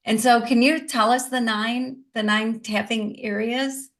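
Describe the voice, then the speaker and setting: Gravelly-voiced woman host. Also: on the high side, steady tone, unhurried, fairly bright tone. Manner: conversational, affirming, with fillers. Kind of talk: interview chat.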